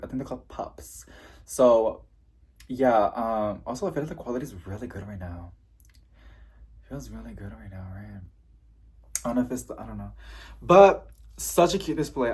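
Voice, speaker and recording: A young man talks through a casual unboxing vlog in a bubbly, gushing way. His voice is husky and swings widely in pitch. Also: darkish tone. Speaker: plant vlogger.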